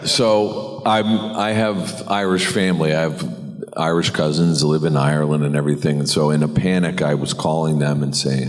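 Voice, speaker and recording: A middle-aged American man telling stories on a convention panel, animated and laughing often. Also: extremely low pitch, measured pace, soft background music. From United States. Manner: animated, laughing, acts out quoted voices. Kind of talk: anecdotal storytelling. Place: large convention hall. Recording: reverberant convention hall.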